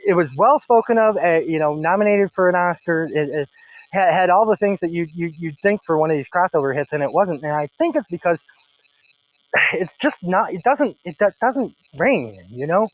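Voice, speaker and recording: A man hosting a film podcast, talking in a rambling, halting way with many restarts. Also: high-pitched, expressive, dry recording, highs cut off. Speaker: podcast host. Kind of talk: casual discussion.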